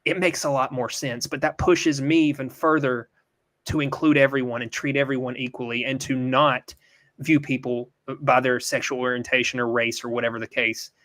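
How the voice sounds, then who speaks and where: A man's voice: mid-range voice, fairly even intonation, moderate pace, a bit bright. A middle-aged man hosting a call-in livestream, talking earnestly and emphatically and cursing when he gets worked up. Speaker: livestream host. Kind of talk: casual call-in livestream chat.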